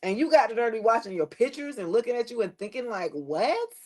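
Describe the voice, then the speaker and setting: A woman giving a casual tarot reading to the camera, blunt and preachy, swearing freely and dropping her voice low at times. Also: animated, fast talker, a little mellow. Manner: preachy, blunt and profane, with loose slangy phrasing; drops into a lower tone at times. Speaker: tarot reader.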